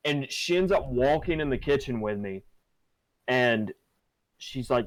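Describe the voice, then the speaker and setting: A man's voice: medium pitch, expressive, a little slow, pauses often, poor audio. A young man hosting a podcast, telling a personal story casually with many fillers and restarts. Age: young adult. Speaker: podcast host.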